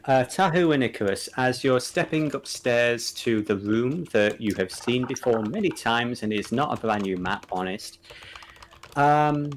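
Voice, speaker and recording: A man narrating as dungeon master in a live tabletop game, unhurried and full of filler words. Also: mid-range voice, slight background noise, low-quality recording.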